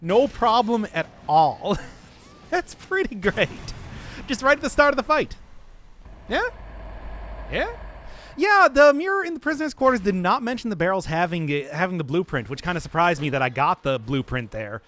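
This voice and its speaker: A man's voice: sits high, sing-song, moderate pace, fairly bright tone. A young man streaming a video game live, giving rambling, chatty commentary and laughing often.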